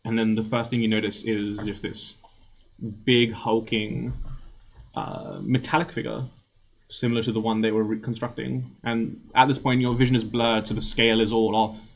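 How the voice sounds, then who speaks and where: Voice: mid-range voice, flat delivery. Game master narrating a tabletop scene. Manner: descriptive, measured narration.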